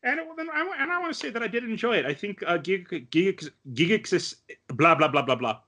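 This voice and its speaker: Bright-voiced man chatting about anime. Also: high voice, expressive, brisk. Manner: chatty, many fillers, acts out quotes. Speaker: podcast co-host. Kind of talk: casual anime review chat.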